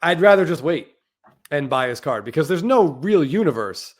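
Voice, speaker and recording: A man's voice: fairly high pitch, big pitch swings, moderate pace. A man co-hosting a podcast, talking casually and bluntly, often saying "like". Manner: blunt, hedging with frequent "like". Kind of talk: casual chat.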